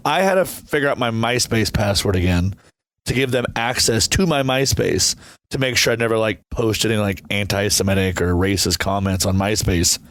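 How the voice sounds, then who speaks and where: A man's voice: fairly low pitch, normal speed, a bit bright, no echo. A man in his thirties, a podcast guest telling stories in a brash, self-mocking way and laughing often. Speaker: podcast guest, reality show contestant and band member. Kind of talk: casual conversational storytelling.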